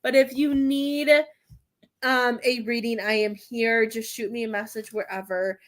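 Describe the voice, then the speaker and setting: A woman's voice: fairly high pitch, fairly even intonation, measured pace. Chatty woman livestreaming as a medium. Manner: chatty, rambling, frequent laughs and yawns. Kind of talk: casual livestream chat with viewers.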